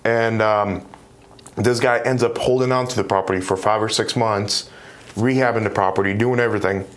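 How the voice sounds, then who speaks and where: A man's voice: on the low side, moderate pace. Young man telling a story animatedly. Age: 20s. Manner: animated, acts out quoted dialogue. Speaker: real estate investor guest. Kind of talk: casual storytelling.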